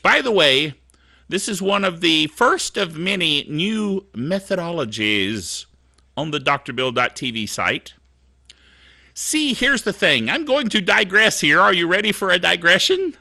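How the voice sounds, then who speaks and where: Animated, rambling middle-aged male tech host. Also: sits high, vocal fry, no room sound, studio quality. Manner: animated, digressive, self-mocking. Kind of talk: casual rambling monologue.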